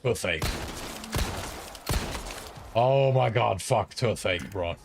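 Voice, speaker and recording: A man's voice: low-pitched, slight background noise. A British man from the UK, a game streamer chatting casually and telling rambling stories full of swearing. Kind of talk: casual chat while gaming.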